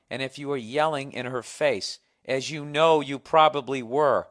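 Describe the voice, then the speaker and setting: A middle-aged man hosting a solo podcast, telling a story in a profane, sarcastic, animated rant. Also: medium pitch, moderate pace, hardly any pauses. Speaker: podcast host.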